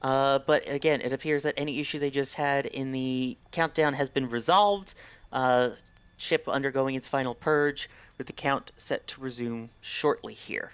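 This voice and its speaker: A man giving live launch commentary in a measured, informative way, with a few fillers. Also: medium pitch, fairly even intonation, a bit bright, smooth.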